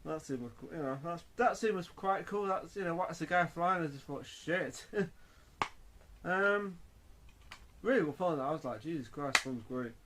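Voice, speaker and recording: A man's voice: fairly high pitch, normal speed, background noise. A man reviewing a film in a casual, rambling way, full of fillers and restarts.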